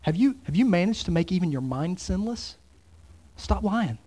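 A man preaching a sermon as pastor, swinging between loud exclamations and hushed, near-whispered lines. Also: sits high, expressive, moderate pace.

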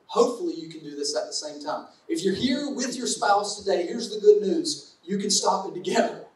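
A man's voice: high voice, animated, brisk, darkish tone. A man preaching a conversational sermon to a congregation, with playful asides. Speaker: pastor. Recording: echoey hall from far off.

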